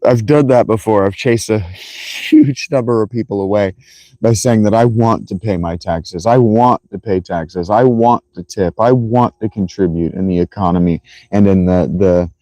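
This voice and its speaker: A man's voice: fairly low pitch, normal speed, mellow, no room sound. A man in his thirties livestreaming by a fountain, with a worn, strained voice, laughing often and swearing as he chats. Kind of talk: casual livestream chat. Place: outdoors by a fountain.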